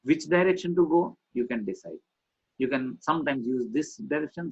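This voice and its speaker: On a lo-fi video call, an animated male communication trainer leads an online training session. His mid-range, husky voice moves at a moderate pace as he demonstrates voice modulation, swinging from a whisper to loud.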